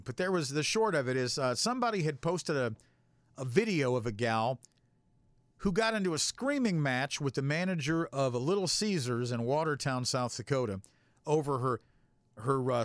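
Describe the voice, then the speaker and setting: A man's voice: a little high, a bit bright, no room sound. A man telling a long, rambling story in a casual, profane way as a show host.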